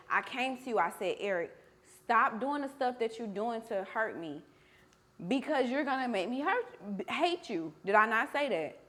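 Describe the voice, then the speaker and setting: A woman's voice: medium pitch, a bit bright. A young woman hosting a candid conversation over a meal, talking bluntly and emotionally with frequent swearing. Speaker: podcast host.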